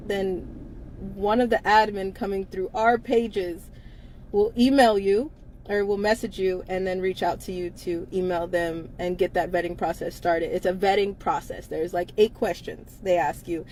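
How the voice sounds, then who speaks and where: A woman's voice: medium pitch, fairly even intonation, normal speed, darkish tone, slight background noise, low-quality recording. A woman hosting a casual livestream, talking bluntly with frequent swearing and laughter. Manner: blunt, profane, laughs often between lines. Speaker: livestream host.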